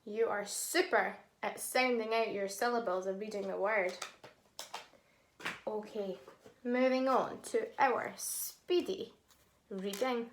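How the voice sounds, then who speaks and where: A woman teaching a phonics lesson to young children, sounding out words syllable by syllable and praising them warmly. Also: mid-range voice, slow, a little hiss or hum.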